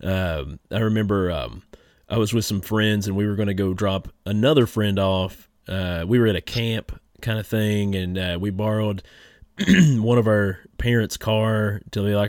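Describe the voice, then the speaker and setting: Laid-back podcast host, dry sound. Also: male voice, lowish voice, unhurried, a little mellow, no room sound. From Kentucky. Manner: laid-back storyteller who laughs often. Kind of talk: casual podcast chat.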